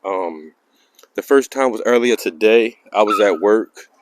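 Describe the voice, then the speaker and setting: A man chats casually to his viewers in a yard while filming his dogs. His pitch rises and falls in a lively way, and his voice sounds dry and close. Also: a little slow, no echo. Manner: talks to his dogs in a high coaxing voice. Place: outdoors in a yard.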